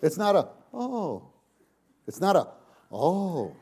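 A man preaching a sermon, shifting from hushed, slow passages to sudden loud, dramatic exclamations. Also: fairly high pitch, expressive. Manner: slow, emphatic delivery.

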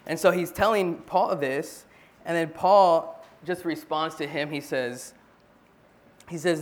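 A man's voice: on the high side, a little slow. A man at a church meeting, earnestly retelling a Bible story in a casual sharing style, often restarting his sentences.

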